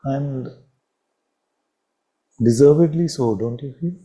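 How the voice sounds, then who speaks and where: A man, a spiritual teacher, giving a slow and reflective satsang talk with long pauses and repeated phrases. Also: mid-range voice, dark tone, poor audio.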